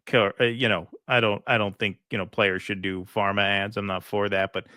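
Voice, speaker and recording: Sarcastic male co-host with a bright voice. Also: fairly low pitch, little pitch movement, normal speed, no echo, studio quality. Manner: sarcastic, laughing, says "man" a lot. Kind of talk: casual political chat.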